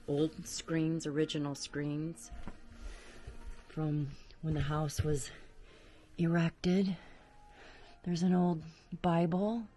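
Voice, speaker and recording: A woman vlogger narrating as she explores an abandoned farmhouse attic, chatty and exclaiming at creaking floors, recorded on a handheld camera. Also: sits low, flat delivery, drawn-out words, pauses often, mellow.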